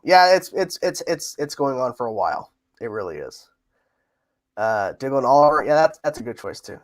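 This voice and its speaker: A man chats casually on a livestream, answering viewer questions. His voice sits a little high for a man. He laughs often and tends to repeat his phrases. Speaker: livestream host.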